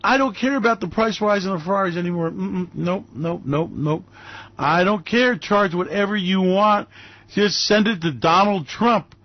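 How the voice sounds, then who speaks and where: A man's voice: sits high, normal speed, dry recording, lo-fi sound. A man hosting a finance radio show in a sarcastic, theatrical, mock-gushing way. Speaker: host.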